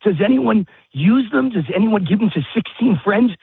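A man's voice: sits high, lively intonation, moderate pace, gravelly, husky, no echo. A man walking his dog while calling in, out of breath, ranting emphatically and repeating himself. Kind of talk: political talk radio rant. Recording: tinny phone-line audio.

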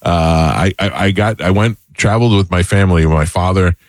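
A man with a very low voice telling a relaxed, chatty story with plenty of laughs. The sound is dry and close to the mic. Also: brisk, no room sound. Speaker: podcast co-host. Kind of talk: casual chat, storytelling.

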